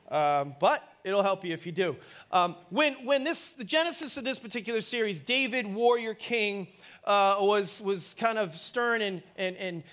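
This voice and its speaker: High-voiced, playful male pastor preaching. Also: a bit bright. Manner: playful, self-mocking, prompts the congregation. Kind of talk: sermon.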